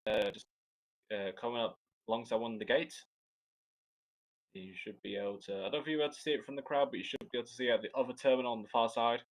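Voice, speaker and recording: A man's voice: mid-range voice, low-quality recording. A man with a Scottish accent giving live air show commentary, chatty and joking, rambling with frequent restarts.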